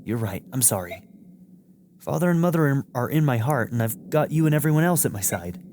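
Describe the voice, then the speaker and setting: A man voicing a gentle, frightened young girl in a video game let's play, speaking soft and pleading. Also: medium pitch, animated, fairly quick, a little hiss or hum, natural voice. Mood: tender.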